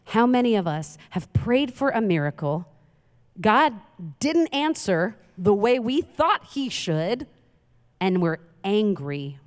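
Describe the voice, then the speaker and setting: A woman preaching a sermon, telling a Bible story in a conversational, animated way with frequent asides to the congregation. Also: on the low side. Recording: long reverb of a large hall.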